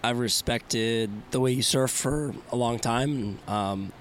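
Hoarse male podcast host. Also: medium pitch, slow pace, a little hiss or hum. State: hoarse, lost his voice. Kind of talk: casual podcast conversation.

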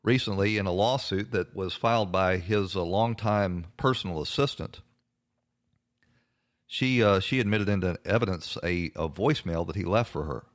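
A man's voice: sits low, normal speed. A man hosting a political talk show, giving indignant commentary with many hesitations and fillers. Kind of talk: conservative radio talk commentary.

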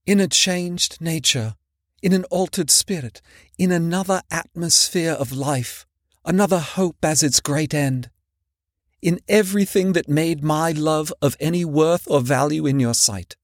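A man voicing a gentle young woman who speaks softly and sadly, in an audiobook reading. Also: fairly high pitch, measured pace, dry recording, clean studio sound, close to an everyday voice. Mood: sorrowful. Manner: soft, gentle pleading.

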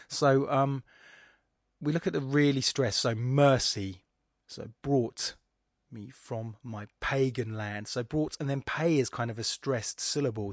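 A man's voice: mid-range voice, dry recording, clean studio sound. A man hosting a poetry show, musing and thinking aloud as he gives an informal analysis of a poem. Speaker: poetry podcast host.

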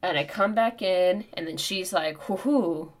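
Woman podcast host in her 30s, lowish voice, cracking herself up telling a wild story, swears a lot. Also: moderate pace. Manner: animated, profane, comic storytelling. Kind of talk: casual storytelling chat.

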